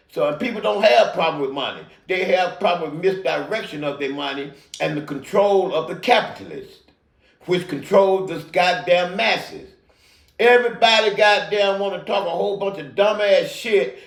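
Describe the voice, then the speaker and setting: A man's voice: high voice, vocal fry, a bit bright, echoey room. A man in his sixties, a talk show host, delivering a profane, rambling, preachy monologue. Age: middle-aged or older. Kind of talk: unscripted monologue.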